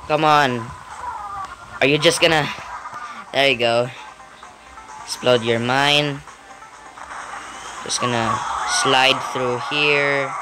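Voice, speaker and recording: Someone with a mid-range voice gives casual, excitable gameplay commentary. They keep letting out startled exclamations and giggles, rambling and restarting as they go.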